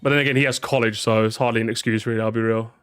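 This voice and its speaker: A man's voice: medium pitch, fairly even intonation, racing, fairly bright tone, clean tone, dry recording, soft background music. A tired man chatting casually on a live stream, repeating words, swearing and reacting to his chat.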